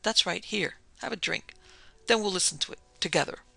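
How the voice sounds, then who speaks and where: A woman reading the part of a calm, scheming male killer who speaks quietly and mockingly. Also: medium pitch, brisk, creaky, dry recording, heavily acted.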